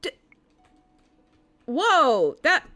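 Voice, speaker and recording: A woman's voice: high-pitched, wildly swooping pitch, extremely slow, sharp tone, soft background music. A young woman streaming a visual novel, commenting in an exasperated, incredulous way with lots of repeated words and rambling, and reading the game text aloud.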